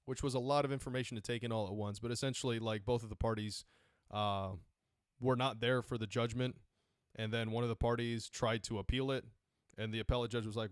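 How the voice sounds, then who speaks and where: A man's voice: mid-range voice, steady tone, a little fast, smooth, no room sound, studio quality. A man on a podcast casually retelling court cases, rambling, correcting himself and dropping sarcastic asides. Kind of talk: casual chat.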